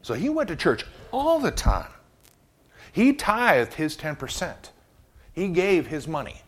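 A man's voice: on the high side, big pitch swings, takes it slowly, a bit bright. A man preaching a casual Bible lesson, reading verses and adding humorous, conversational asides. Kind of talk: joking Bible teaching.

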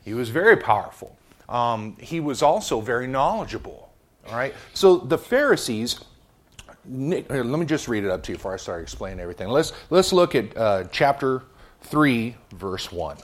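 Male preacher, casual bible teaching, joking asides, animated pitch. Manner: conversational, humorous asides.

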